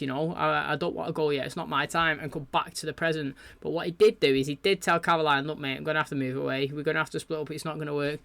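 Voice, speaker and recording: A man gives a loose, chatty recap of a TV episode, full of fillers and asides. His voice sits a little high. The sound is dry and close, with no room echo. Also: creaky, fairly bright tone. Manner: rambling, chatty, loose paraphrasing with frequent fillers. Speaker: TV reaction channel host.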